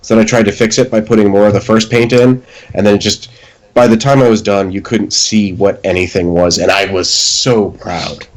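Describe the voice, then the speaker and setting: Deep-voiced man giving painting tips. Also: moderate pace, low-quality recording. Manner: relaxed, advisory, self-deprecating humor. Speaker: podcast host giving miniature painting advice. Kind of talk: casual chat.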